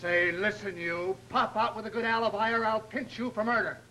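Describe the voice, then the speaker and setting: A brash police inspector barks orders in a high, bright voice. This is fast-talking 1930s film acting. Faint hiss sits on the old soundtrack. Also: male voice, flat delivery, rough recording. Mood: gruff.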